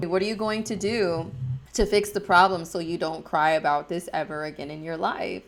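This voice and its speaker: A woman astrologer talking casually and chattily, with slang and frequent laughs. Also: fairly low pitch.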